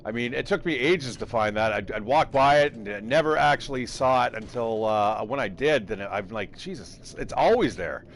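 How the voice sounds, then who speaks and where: A man's voice: mid-range voice, normal speed, hardly any pauses, a little hiss or hum. A man casually commentating his game live, rambling, thinking aloud and swearing freely. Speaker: game streamer.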